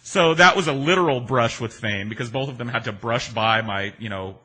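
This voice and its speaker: A man's voice: medium pitch, normal speed, pushed and bright, breathy edge. A man telling a personal anecdote in a loose, rambling, profane and self-mocking way. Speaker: storyteller. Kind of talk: casual personal storytelling.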